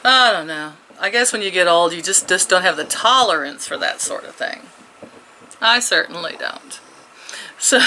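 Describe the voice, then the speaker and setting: Woman, 60s, vlogger; bright, forceful tone, rambling chatty delivery with frequent chuckles. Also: on the high side, a little hiss or hum, low-quality recording. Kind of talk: casual chat.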